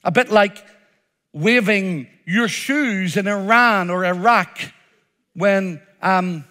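A man's voice: sits high, takes it slowly, pushed and bright. A man preaching a sermon, emphatic, acting out the crowd's cries with a rising voice.

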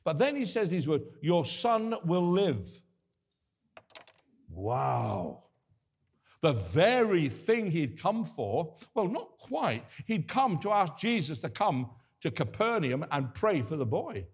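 Animated older male preacher. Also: fairly high pitch, slow, husky. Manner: earnest, conversational preaching with restarts. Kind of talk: sermon.

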